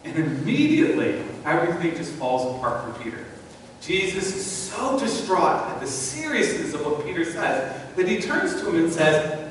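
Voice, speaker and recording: High, lively male pastor in echoey church. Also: moderate pace, a little hiss or hum. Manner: conversational, animated storytelling with rhetorical questions. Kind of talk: sermon. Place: church sanctuary. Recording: echoey hall, voice from far off.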